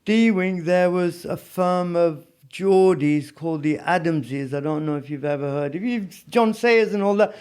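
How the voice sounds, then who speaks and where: A man's voice: high voice, unhurried, hardly any pauses, darkish tone, clean tone. A man telling prison stories in a casual interview, rambling with lots of "you know what I mean". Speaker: podcast guest.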